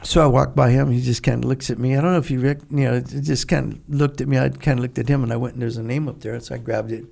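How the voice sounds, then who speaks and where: An older man in his seventies with a gravelly, mellow voice. He tells blunt, salty stories in a relaxed interview setting and briefly slips into the voices of the people he quotes. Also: mid-range voice, quick pace, hardly any pauses. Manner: blunt, profane storytelling that acts out dialogue. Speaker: guest, Vietnam veteran. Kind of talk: casual storytelling interview.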